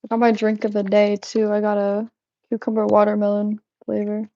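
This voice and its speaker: A woman's voice: mid-range voice, monotone, a little fast, dark tone, no room sound. A young woman hosting a live stream, chatting casually and rambling with frequent restarts and giggles. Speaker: livestream host. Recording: dull lo-fi live-stream audio.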